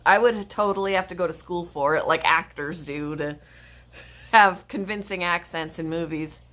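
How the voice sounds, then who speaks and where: A woman's voice: lowish voice, moderate pace, fairly bright tone. A woman hosting a pet channel, chatting casually on a livestream in a rambling way, often stopping to correct herself.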